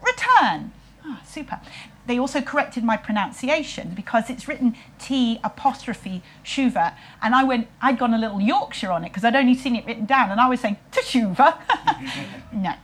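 Woman, husky, fairly high voice, wry comic storytelling. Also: brisk. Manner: wry, self-mocking, playful voices for quotes.

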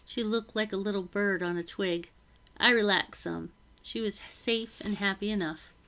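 A woman narrating a novel aloud in the first person, with steady, even reading. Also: medium pitch, normal speed.

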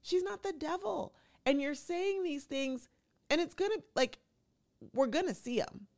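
A woman's voice: high-pitched, lively intonation, a little slow, a little mellow. A middle-aged woman from the United States hosting a show, giving a casual, chatty commentary monologue full of opinionated, wry asides. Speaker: talk show host.

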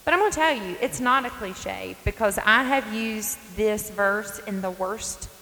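A faith podcast host speaks from her front porch: a woman in her forties from North Carolina, Southern accent, mid-range voice with a sharp tone and a measured pace. She comes across earnest, folksy and emphatic, over long reverb and faint hiss.

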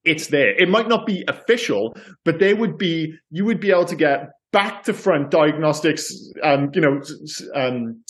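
A man's voice: a little high, animated, moderate pace, hardly any pauses. A man co-hosting a casual film podcast, rambling and correcting himself as he talks. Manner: rambling, self-correcting, stumbles over words. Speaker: podcast co-host.

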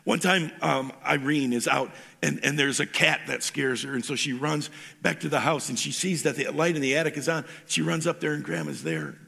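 A male pastor delivers a casual, storytelling sermon. His voice is gravelly, with heavy fry, and has a husky, unpolished edge. He often doubles back on words as he starts a thought. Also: on the high side, animated, moderate pace, bright, forceful tone. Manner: storytelling, informal, repeats words when starting.

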